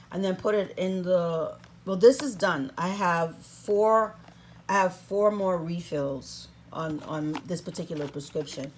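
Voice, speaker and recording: A woman's voice: on the low side, slight background noise. Sassy, chatty woman vlogger. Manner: sassy, playful, chatty with frequent "honey". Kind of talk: casual how-to vlog. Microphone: camera on a stand.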